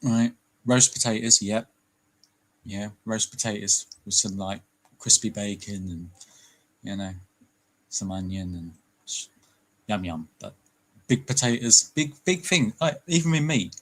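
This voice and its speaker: A man's voice: on the low side, expressive, a little slow, long pauses, low-quality recording. A British man chatting casually on a livestream, joking and laughing often. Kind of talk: casual chat.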